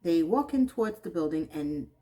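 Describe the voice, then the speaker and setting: A woman's voice: lowish voice, lively intonation, moderate pace, mellow, poor audio. A woman giving a casual recap of a TV episode, breaking off into exasperated, sarcastic asides. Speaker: TV recap reviewer.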